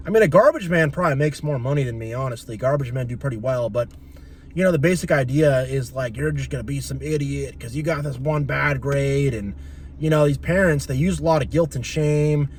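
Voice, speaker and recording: A man's voice: mid-range voice, a little fast, darkish tone, slight background noise. A young man talking in a casual, opinionated and rambling monologue as a channel host. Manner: opinionated, rambling, acts out quoted voices.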